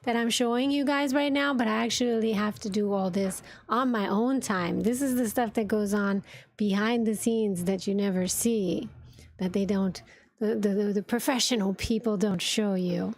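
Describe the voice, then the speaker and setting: A woman VTuber streamer chatting casually with viewers, thinking aloud and giggling while she sets up her software. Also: mid-range voice, measured pace. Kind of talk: casual livestream chat while setting up software.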